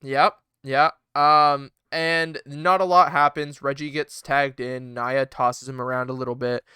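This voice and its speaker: A man's voice: medium pitch, a little slow, clear, resonant tone, no room sound, studio quality. A man co-hosting a casual podcast, talking animatedly with lots of swearing and laughter. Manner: animated, profane, laughs often, acts out wrestlers' lines. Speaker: podcast co-host.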